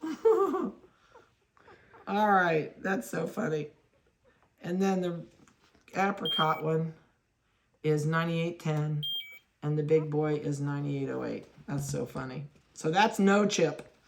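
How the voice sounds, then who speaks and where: Speaking unhurriedly in a low, creaky voice with fairly even intonation, a dog breeder narrates as she handles puppies at an indoor kennel. She talks to the pups and laughs at the mix-ups she makes.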